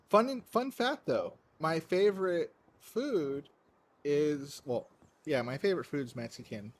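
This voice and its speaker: A man's voice: fairly high pitch, sing-song, slow, long pauses, husky. A man chatting casually while streaming a game at home, rambling with lots of fillers and frequent laughs. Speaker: livestreamer playing a game.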